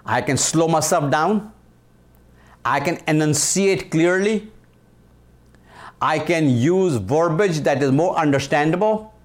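A man's voice: on the high side, lively intonation. Emphatic Indian man in his sixties. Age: 60s. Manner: emphatic, repeats key phrases, slows down for punch lines. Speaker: leadership speaker. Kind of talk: motivational talk.

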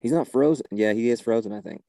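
In a comedy sketch, a man leads a church service, sounding exasperated and flustered and repeating himself often. His voice is medium-pitched, fast and warm, with some vocal fry and no room sound.

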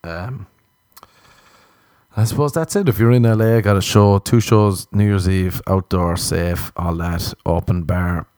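Male comedian, low voice, dry close sound, loose self-mocking monologue. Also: fairly even intonation, measured pace, darkish tone, dry recording. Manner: rambling, jokey, self-mocking asides. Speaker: comedian and author. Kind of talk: rambling solo monologue.

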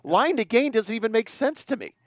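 A man's voice: very high voice, lively intonation, brisk, dry recording. A man hosting a sports podcast, ranting in exasperation in casual talk. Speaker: podcast host.

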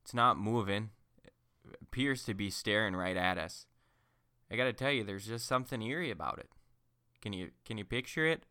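Folksy man, bright tone. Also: lowish voice, moderate pace, clean tone, dry recording, clean studio sound. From Minnesota. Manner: rambling, folksy, many fillers. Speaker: podcast host and storyteller. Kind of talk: folksy spoken storytelling.

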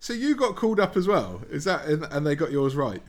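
A man cohosts a casual podcast chat, cutting in with quizzical, teasing questions. His voice runs a little high and swings around lively. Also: fairly quick. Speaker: podcast co-host.

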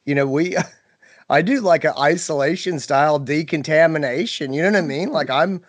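A man's voice: a little high, normal speed. A man co-hosting a veterinary podcast, speaking reflectively in casual conversation and often restarting his sentences. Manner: reflective, hesitant, with many restarts.

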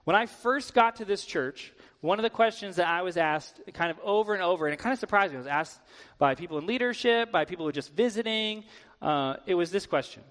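A man with a fairly high voice preaching a sermon in a church, relaxed and conversational and full of casual filler words. His voice rings out with a long reverb. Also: brisk. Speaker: guest preacher. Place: church sanctuary.

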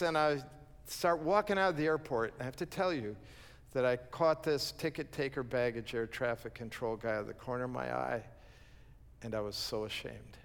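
A pastor telling a humorous story in a sermon, acting out the quoted lines and laughing at himself. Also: male voice, mid-range voice, normal speed, vocal fry. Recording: long reverb of a large hall.

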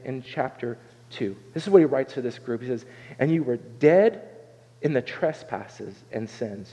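A Southern Ohio pastor delivers a sermon in a mellow, mid-range male voice, earnest and conversational, frequently pausing to ask "right?" and starting phrases over. The recording sounds dull, with a long hall reverb.

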